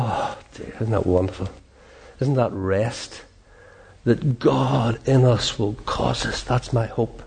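A man preaching a sermon in an earnest, animated way, acting out prayers and quotes, with a soft laugh now and then. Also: medium pitch, takes it slowly, vocal fry, husky.

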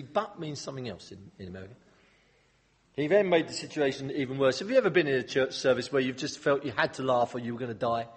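Man, preaching, animated with humorous asides, husky tone, long hall reverb. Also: mid-range voice. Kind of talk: sermon.

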